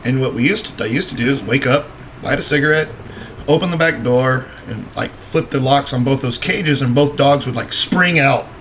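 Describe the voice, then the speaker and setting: Relaxed guy rambling thru a funny story, swears a lot, bit of background hiss. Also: medium pitch, moderate pace. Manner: laid-back, swears and laughs a lot. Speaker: podcast co-host. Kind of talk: casual storytelling chat.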